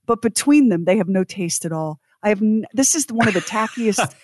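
A woman's voice: mid-range voice, animated, normal speed, darkish tone, no room sound, studio quality. A woman co-hosting a radio show, chatty and dramatic, laughing often. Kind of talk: casual radio chat.

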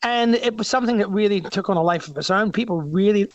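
Casting: Australian man, 60s, rapid and high-voiced, eager rambling interview guest. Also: dry recording, muffled recording. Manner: eager, rambling, many restarts. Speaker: guest musician. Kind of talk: radio interview chat.

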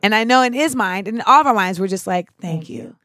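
A woman in her thirties hosting a casual comedic chat, animated and profane, slipping in and out of mocking voices. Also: mid-range voice, quick pace, dry recording, clean studio sound.

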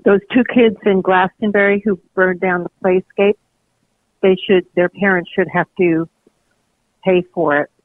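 A man's voice: sits high, dry recording. A man calling a radio show to complain indignantly. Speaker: caller. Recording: tinny phone line.

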